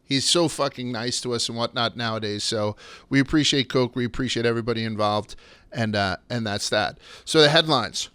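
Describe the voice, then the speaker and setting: Bright, crisp-voiced man hosting a podcast. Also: medium pitch, brisk, no echo. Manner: loose and swearing, storytelling. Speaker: podcast host. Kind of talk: casual podcast chat.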